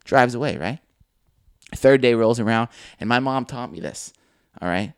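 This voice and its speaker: A young man co-hosting a casual podcast, telling an animated story and swearing freely. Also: mid-range voice, normal speed, creaky, smooth, no echo, clean studio sound. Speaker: podcast co-host.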